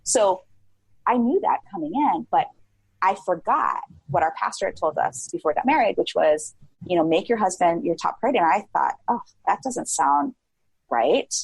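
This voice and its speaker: A woman in her forties, a podcast guest, talking in a casual and animated way with lots of "like" fillers, often acting out her own past thoughts. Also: fairly low pitch, a little fast, creaky, breathy edge, dry recording, low-quality recording. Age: 40s. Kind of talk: casual interview chat.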